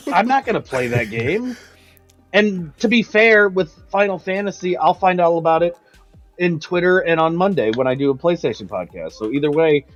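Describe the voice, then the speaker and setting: High-voiced opinionated man, lo-fi mic. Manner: emphatic, quick restarts, opinionated. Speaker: gaming news panelist. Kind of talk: casual panel chat.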